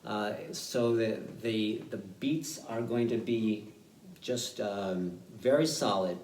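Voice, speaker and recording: A man teaching fiddle in an online workshop. He explains in a relaxed, halting way, with many fillers. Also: lowish voice, a little hiss or hum. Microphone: video call. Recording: roomy sound, mic at a distance, loud fiddle playing.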